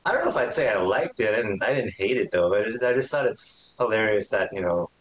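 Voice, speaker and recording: A man with a low voice chats as a podcast guest. He hesitates and repeats words while he finds his point. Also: lively intonation, fast talker, low-quality recording. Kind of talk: casual podcast chat.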